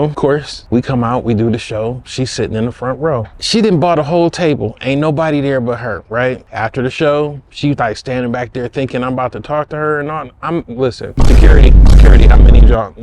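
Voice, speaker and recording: A man hosting a storytime vlog who tells a dating story in a comedic, slangy, conversational way. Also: medium pitch. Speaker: storytime host.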